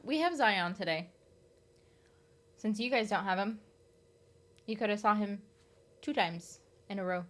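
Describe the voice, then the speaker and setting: A woman's voice: medium pitch, unhurried, long pauses. A young woman streamer talks casually to her viewers. Her voice sits in the middle range and her delivery is loose and teasing. She laughs often and swears freely. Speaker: live streamer.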